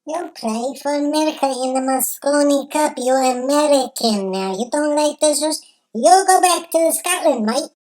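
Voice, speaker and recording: A man putting on a squeaky heckling loudmouth. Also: close to an everyday voice, rough recording. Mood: mocking heckle. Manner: mocking, heckling, drawn-out "mate".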